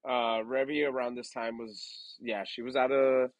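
Young man, podcast host, casual storytelling, rambling, swears, lots of fillers, mid-pitched voice. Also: level tone, unhurried, poor audio.

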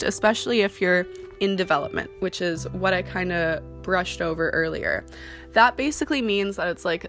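A woman's voice: fairly low pitch, vocal fry. A young woman who works as a model, giving casual career advice in a chatty way, full of ums and likes. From Canada. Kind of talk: casual talking-to-camera advice. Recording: soft guitar music underneath.

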